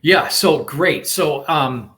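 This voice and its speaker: A man being interviewed as a coach, explaining a technique step by step in an animated way, with frequent restarts. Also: a little high, slow pace. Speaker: guest coach. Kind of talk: conversational interview.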